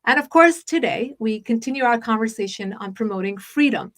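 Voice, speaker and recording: A woman hosting a podcast interview, talking fast and chatty with many fillers and restarts. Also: a little high, fairly bright tone. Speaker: podcast host. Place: Los Angeles.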